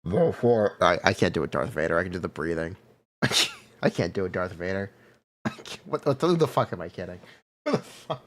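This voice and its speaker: A man's voice: deep voice, lively intonation, brisk. A man streaming live, chatting casually and joking, laughing often.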